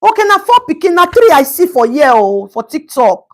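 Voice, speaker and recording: A woman talks through a live stream in a high voice. Her pitch swings widely as she comments, and she breaks off to greet viewers by name. She slips into Pidgin asides. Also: very animated, moderate pace.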